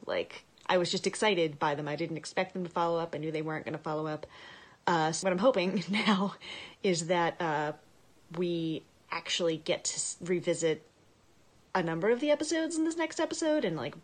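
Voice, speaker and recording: A woman recording a chatty, excited video message to a podcast. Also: on the low side. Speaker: listener sending a video message.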